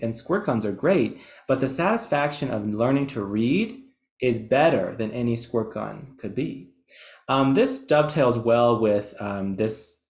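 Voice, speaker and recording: A man's voice: mid-range voice, roomy sound. Chatty man giving a webinar talk. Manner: chatty, enthusiastic, self-deprecating. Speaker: presenter, educator. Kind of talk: webinar lecture.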